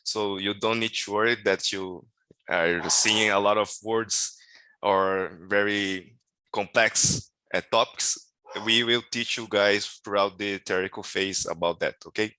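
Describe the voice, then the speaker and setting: A man's voice: on the low side, fairly even intonation, measured pace, sharp tone, clean tone, no room sound, poor audio. A man moderating a Q&A session for students, reassuring and often checking understanding. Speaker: program coordinator moderating Q&A.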